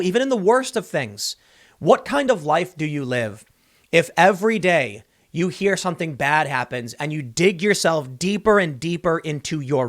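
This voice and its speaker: A man delivering an opinionated, sarcastic political commentary monologue, now and then mocking people in shrill impressions. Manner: animated, sarcastic, mocks others with shrill impressions.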